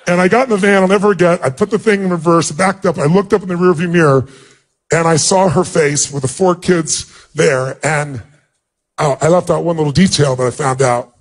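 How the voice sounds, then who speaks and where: A man speaking as a motivational speaker, telling an emotional personal story to an audience in an earnest way. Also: a little fast. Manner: earnest, emotional storytelling, pitch jumps up when acting out dialogue.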